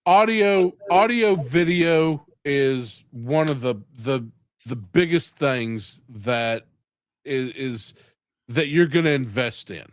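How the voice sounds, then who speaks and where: A man's voice: medium pitch, takes it slowly, dry recording, studio quality. A man hosting a casual live-stream chat, rambling and profane and laughing often. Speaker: host.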